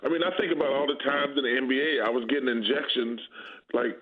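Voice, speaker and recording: A man's voice: mid-range voice, fast. A man in his fifties talking sports casually as a guest, blunt and candid. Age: 50s. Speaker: guest basketball analyst. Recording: tinny phone-line audio.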